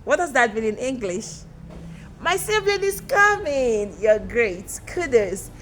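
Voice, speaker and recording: A woman teacher leads a playful beginner language lesson with a fairly high voice. She speaks very slowly, drawing each word out and repeating it for her learners. She is recorded outdoors with faint noise behind her. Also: big pitch swings, a bit bright. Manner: slow, drawn-out, repeats words for learners.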